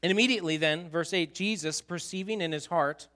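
A male pastor delivers a sermon in a church sanctuary, speaking into a stage microphone. His voice sits high and sounds bright and forceful. He tells the story in an animated way, jumping from loud outbursts down to soft, quiet remarks. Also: fairly quick.

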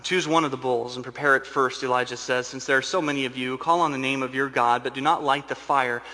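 Male pastor, sermon delivery, dynamic from loud to hushed; bright tone, long hall reverb. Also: mid-range voice.

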